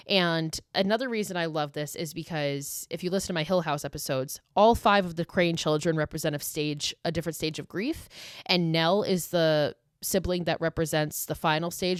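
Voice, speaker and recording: Woman podcaster, lowish voice, emotional, gushing, casual swearing, dry close sound. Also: dry recording. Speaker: podcast host. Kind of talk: casual solo podcast talk.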